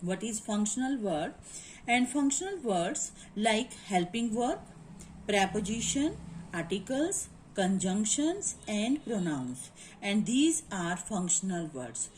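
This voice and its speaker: A woman's voice: mid-range voice, sing-song, slow, darkish tone, slight background noise, low-quality recording. A woman teacher with an Indian English accent, explaining grammar in a lecture and checking that students follow. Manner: explanatory, repeats points and asks "is it clear?". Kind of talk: classroom lecture.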